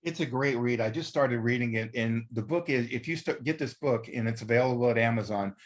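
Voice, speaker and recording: A man with an ordinary middle pitch hosts a podcast interview. He talks casually and conversationally as he puts questions to his guest. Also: a little fast. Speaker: podcast host.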